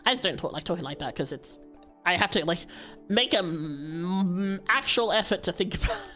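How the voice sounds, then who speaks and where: A woman with a low voice rambling casually to her viewers during a livestream, with fillers and laughs. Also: expressive, moderate pace, a bit bright, faint music behind. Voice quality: low-pitched voice.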